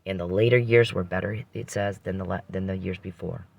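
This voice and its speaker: A man's voice: low-pitched, fairly even intonation, fairly quick, creaky, darkish tone. A man hosting a podcast, telling a rambling personal story with frequent restarts and religious reflection.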